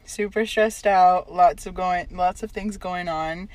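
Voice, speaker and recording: A woman's voice: on the low side, steady tone, unhurried, darkish tone, no room sound. Young woman, dry close sound. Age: young adult. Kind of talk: casual group chat.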